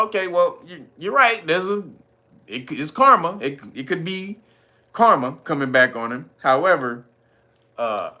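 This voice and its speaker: Animated, laughing man with bright voice. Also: medium pitch. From Los Angeles. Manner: animated, slangy, often laughing and acting out quotes. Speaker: commentary host. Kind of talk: casual commentary monologue.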